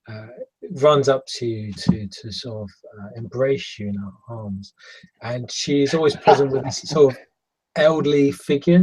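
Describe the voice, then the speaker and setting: Husky man, game master, halting narration, many pauses. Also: medium pitch, a little mellow, rough recording. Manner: halting, searching for words.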